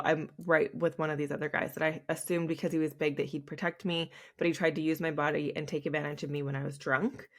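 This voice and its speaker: Low-voiced woman, candid and tearful. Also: fairly bright tone. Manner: candid and emotional, rambling with many fillers. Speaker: podcast host. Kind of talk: confessional solo podcast.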